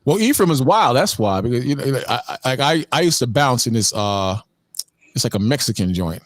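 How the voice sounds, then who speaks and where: A man's voice: medium pitch, fairly quick, dry recording. Man telling stories, dry close sound. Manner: animated storytelling, emphatic. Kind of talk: casual religious discussion.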